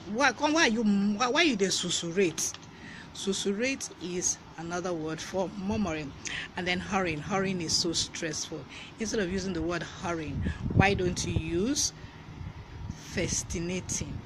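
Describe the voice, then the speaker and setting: A man's voice: high-pitched, noisy background. A man from Nigeria with a Nigerian English accent, hosting a casual live-stream vocabulary lesson and greeting viewers by name. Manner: lively, greets viewers by name, laughs often.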